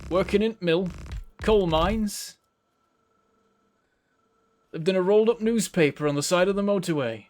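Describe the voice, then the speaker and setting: A man's voice: sits high, unhurried, long pauses, a little mellow, pitched above the performer's own voice. A man putting on a broad Yorkshire working bloke. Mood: mock-gruff. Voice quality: broad, comic overstatement. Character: exaggerated gruff northern English working man.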